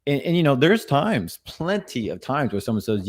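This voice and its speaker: A man co-hosting a podcast, talking in a relaxed, thoughtful way with a lot of "you know.". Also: mid-range voice, moderate pace. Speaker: podcast co-host. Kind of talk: casual podcast chat.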